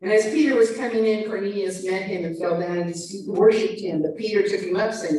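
A woman delivers a sermon with animated emphasis, rising and dropping in volume. Her voice sits at a middle pitch. It comes from a distance in a very echoey room. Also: a little fast, hardly any pauses. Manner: animated, shifting loud and soft emphasis. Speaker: preacher. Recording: echoey room, mic far off.

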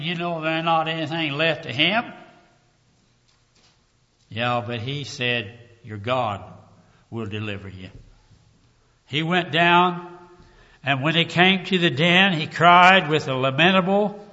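Slow, bright-voiced man preaching. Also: on the high side. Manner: emotional, repeats "dear ones", swings from hushed to loud. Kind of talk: sermon. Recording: dull lo-fi recording, long hall reverb.

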